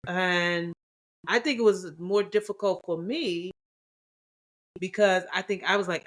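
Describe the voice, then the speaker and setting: A woman co-hosting a couples podcast, chatting casually and acting out past conversations with lively swings in her voice. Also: unhurried, pauses often. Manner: animated, acts out quoted dialogue with big pitch jumps. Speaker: podcast co-host.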